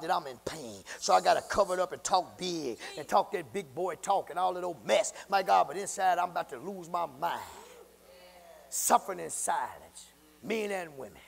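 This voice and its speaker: A man preaching a sermon as pastor, calling out to the congregation and often breaking into shouts. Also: high voice, creaky, big-room sound. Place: church sanctuary. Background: church congregation.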